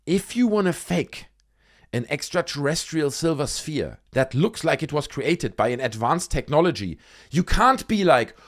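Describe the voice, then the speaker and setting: A man's voice: mid-range voice, animated, moderate pace. A young man hosting a casual commentary video, talking with animation and sarcasm and calling his viewers dude. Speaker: video host.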